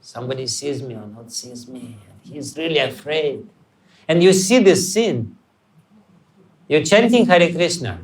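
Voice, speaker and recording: Male spiritual teacher, unhurried delivery, slightly raised pitch, lively storytelling lecture. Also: crowd noise. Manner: animated, acts out scenes and chants. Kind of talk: lecture on scripture. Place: temple hall.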